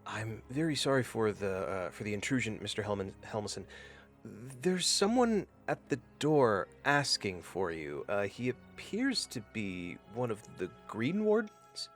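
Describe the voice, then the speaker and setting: A man's voice: lowish voice, big pitch swings, measured pace, faint music behind. A man voicing a nervous house servant who apologizes, hesitates and stumbles over his words. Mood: flustered.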